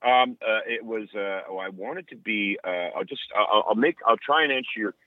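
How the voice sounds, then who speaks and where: A low-voiced man from Ontario, Canada, talking as a guest over a tinny telephone line. He jokes and rambles as he tells his stories. The sound is dry and thin, like a call. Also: moderate pace, dry recording. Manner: joking, rambling storyteller. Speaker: guest musician. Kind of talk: phone interview.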